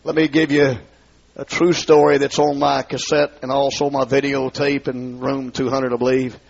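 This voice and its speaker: A man with a rural Southern accent preaching his testimony in a large hall, dropping low to tell his story and rising to shout. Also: level tone, moderate pace, creaky. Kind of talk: fiery revival sermon. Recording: dull lo-fi recording.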